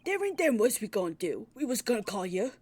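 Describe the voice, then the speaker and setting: A woman's voice: a little high, very animated, fairly quick, darkish tone, breathy edge. A woman voicing a cocky young male thief in a put-on cockney accent, swaggering and drawling. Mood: boastful.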